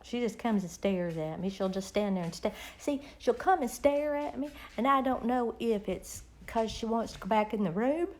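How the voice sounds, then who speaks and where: A woman's voice: fairly high pitch, animated, normal speed, hardly any pauses, a little mellow, a little hiss or hum. A middle-aged woman, chatting casually and rambling with viewers on her live stream.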